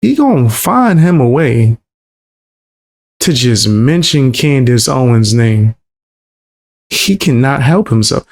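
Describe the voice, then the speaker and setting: A man's voice: mid-range voice, big pitch swings, takes it slowly, long pauses, darkish tone. A man streaming his reaction to a clip, mocking and incredulous, talking in heavy slang. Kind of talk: casual reaction commentary.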